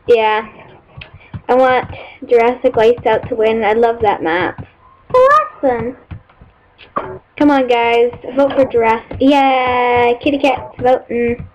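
A woman casually commenting on her own gameplay, excitable and rambling, squealing and whooping when thrilled. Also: fairly high pitch, slow pace, long pauses. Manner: rambling, many fillers. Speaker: gaming channel host. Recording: dull lo-fi mic with faint hiss.

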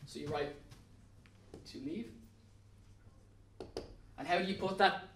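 Irish male teacher, higher-pitched, patient and plain, recorded off-mic in an echoey classroom. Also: slow pace, pauses often, fairly bright tone, far from the mic, a little hiss or hum. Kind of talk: recorded classroom lesson at a whiteboard. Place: classroom with a whiteboard.

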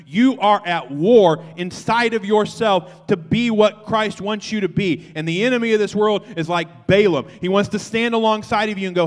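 Man, pastor, sermon, high voice, long echoing reverb. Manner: impassioned preaching, swings from quiet confession to loud exhortation.

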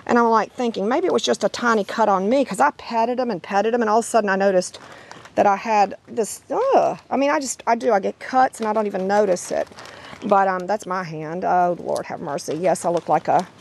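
Hoarse woman chatting to puppies. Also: mid-range voice, brisk, a little hiss or hum. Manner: rambling, chatty, sing-song baby talk to puppies. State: hoarse from laryngitis. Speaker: dog breeder. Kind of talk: casual vlog. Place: outdoor yard.

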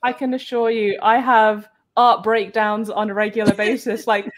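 A woman's voice: a little high, flat delivery, moderate pace. A woman hosting a casual live-stream chat, talking freely, laughing often and acting out her own reactions in quoted asides. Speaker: host.

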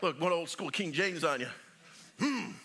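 A middle-aged male pastor preaching a sermon in a church, joking with the congregation and swinging from loud calls to near whispers. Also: a little high, normal speed, slightly rough. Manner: animated, joking preacher with big swings in loudness. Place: church sanctuary.

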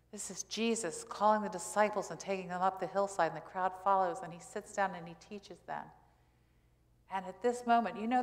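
A woman pastor preaches in a conversational way and keeps asking the congregation questions. Her voice sits at a middle pitch. It carries a long reverb from the church sanctuary. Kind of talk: sermon.

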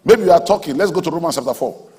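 A man preaching a sermon in a large auditorium, emphatic, swinging between soft asides and loud exhortation. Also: fairly high pitch, expressive, rapid-fire, husky. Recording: hall reverb from a large auditorium.

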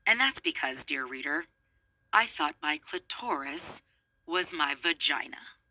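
Bright, husky woman reading a memoir. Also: deep voice, a little slow, dry recording, rough recording. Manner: expressive, with amused asides. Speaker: reader.

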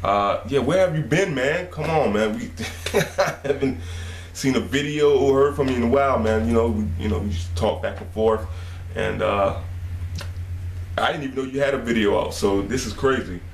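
A man casually chatting and reacting to a friend's video, relaxed and joking. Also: mid-range voice, moderate pace, reverberant, a little hiss or hum. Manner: laid-back, chatty, laughs along. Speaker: YouTube reactor.

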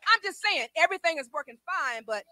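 A woman a sermon, testifying with swings from quiet talk to shouted praise. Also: very high voice, expressive, brisk, no echo. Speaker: preacher.

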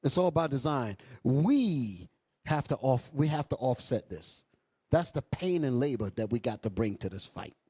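A male bishop preaching a sermon with impassioned bursts and low asides, calling out to the congregation. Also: sing-song, normal speed, dark tone, husky, dry recording. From New York. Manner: calls out to the congregation. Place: church hall.

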